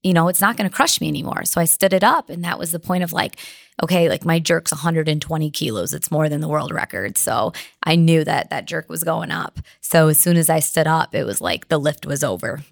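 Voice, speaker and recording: Low, gravelly-voiced young woman, tearful. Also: brisk, dry recording, studio quality. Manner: fillers of "like", tearful and laughing. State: crying. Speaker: weightlifter guest. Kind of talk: emotional interview storytelling.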